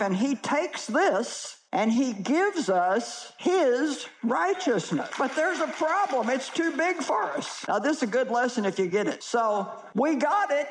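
A woman teaching a sermon to a live audience, telling stories with wide swings in pitch. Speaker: Bible teacher. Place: large hall with audience. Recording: echoey hall.

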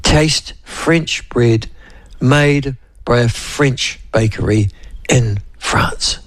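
A man's voice: medium pitch, extremely slow, no echo. A New Zealand man hosting a radio show in a casual, rambling style full of fillers and asides to his co-host. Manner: rambling, digressive, lots of fillers; addresses co-host and listeners by name.

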